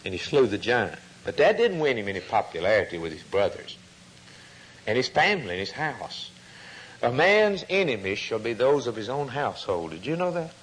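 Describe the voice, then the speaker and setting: A man's voice: big pitch swings, normal speed, a bit bright, slight background noise, poor audio. A man preaching a sermon, telling a story and acting out the quoted voices. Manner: storytelling preacher, acts out quoted voices, rises in pitch when stirred.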